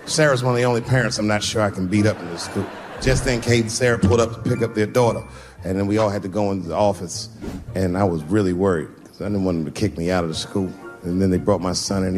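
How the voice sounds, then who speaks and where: A man telling stand-up stories, animated and switching into shrill voices for the characters he quotes. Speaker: stand-up comedian. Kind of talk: stand-up storytelling.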